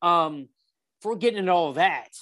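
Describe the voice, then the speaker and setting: A man co-hosting a casual sports chat, talking in animated bursts with plenty of fillers. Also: high-pitched. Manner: animated, quick bursts of excitement, many fillers. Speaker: podcast co-host.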